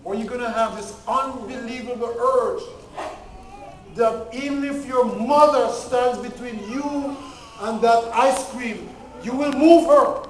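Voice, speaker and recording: A man's voice: very high voice, fairly even intonation, unhurried, a little hiss or hum. A man giving a health lecture with a faith angle, emphatic, repeating key points and checking that the audience follows. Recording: echoey hall from far off.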